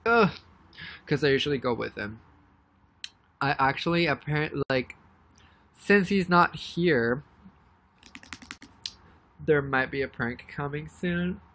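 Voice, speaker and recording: A young woman chatting casually on a live stream, rambling and excitedly thanking viewers by name. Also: low-pitched, takes it slowly, long pauses. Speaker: livestreamer.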